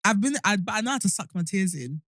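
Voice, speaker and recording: A woman's voice: medium pitch, animated, quick pace, a bit bright, no echo, studio quality. A young woman co-hosting a podcast, talking bluntly and wryly, swearing freely. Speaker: podcast co-host. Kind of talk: casual chat.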